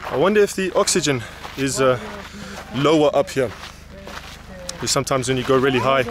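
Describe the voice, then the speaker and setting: A travel vlogger with a mid-range voice talks a little fast while hiking a volcano path, chatting casually with his viewers and his companion. He sounds tired from the walk, and loud outdoor noise fills the recording.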